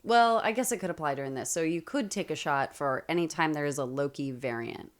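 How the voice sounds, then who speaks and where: A woman's voice: low voice, a little fast. A woman co-hosting a podcast in casual chat, talking freely, laughing often and swearing casually. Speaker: podcast co-host.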